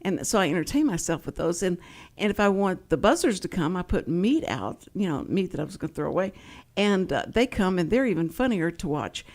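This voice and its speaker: A woman's voice: on the low side, big pitch swings, brisk, a little mellow. A woman hosting a community radio talk show, telling rambling, playful stories in casual chat. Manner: chatty, rambling storyteller, playful.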